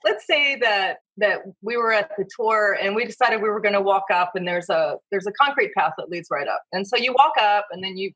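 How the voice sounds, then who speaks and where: A woman, a podcast guest and mythology author, talking in a gentle, storytelling way and acting out imagined inner voices. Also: mid-range voice, breathy edge, low-quality recording. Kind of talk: storytelling interview talk.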